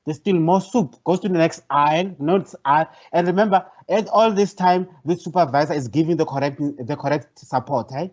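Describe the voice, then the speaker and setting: A man's voice: on the high side, normal speed, hardly any pauses, a little mellow. A man, a professor giving an online workshop lecture in a conversational, hesitant way, repeating phrases. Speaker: professor leading a training workshop. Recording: dull, lo-fi online call audio.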